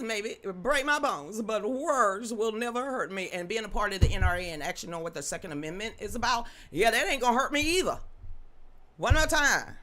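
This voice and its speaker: A woman hosts a livestream talk show, greeting viewers and answering their comments in a loud, projecting voice. Her pitch swings widely and her tone is bright and forceful. She comes across as blunt and sassy. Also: creaky. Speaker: livestream news show host.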